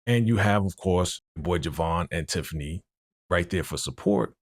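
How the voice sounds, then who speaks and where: A man's voice: low voice, expressive, moderate pace, no echo, clean studio sound. A man giving a casual recap of a TV episode, retelling scenes through quoted dialogue and speaking out plainly about what he dislikes. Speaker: TV recap vlogger.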